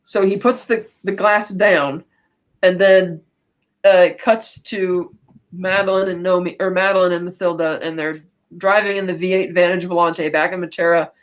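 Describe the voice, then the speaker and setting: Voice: mid-range voice, fairly even intonation. A podcast co-host retelling a film in casual chat, rambling and stopping often to quote lines in passing. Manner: rambling, retells scenes with quick quoted asides.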